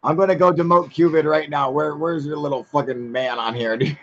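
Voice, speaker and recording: Man, livestream host, slightly high voice, swears a lot, laughs, muffled lo-fi audio. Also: steady tone, a little fast, slight background noise. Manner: loose, profane, laughing often. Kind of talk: casual live chat reading comments.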